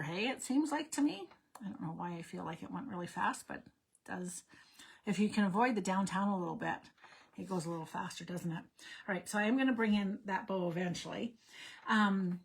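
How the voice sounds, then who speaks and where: A woman's voice: medium pitch, a bit bright, husky. A woman hosting a card-making livestream, thinking aloud in a loose, meandering way. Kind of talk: casual crafting livestream chat.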